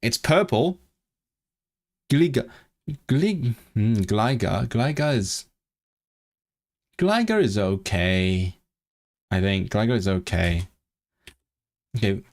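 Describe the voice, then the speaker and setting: A man's voice: lowish voice, lively intonation, slow pace, pauses often, a little mellow. A man chatting casually on a live stream, thinking aloud, repeating and restarting words. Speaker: language-learning livestreamer.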